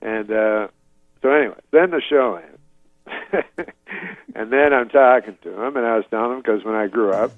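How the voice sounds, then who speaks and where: Deadpan guy from canada rambling through a story, lots of uhs, muffled lo-fi sound. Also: lowish voice, moderate pace, long pauses, dry recording. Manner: rambling and deadpan, full of fillers. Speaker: guest comedian. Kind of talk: casual storytelling.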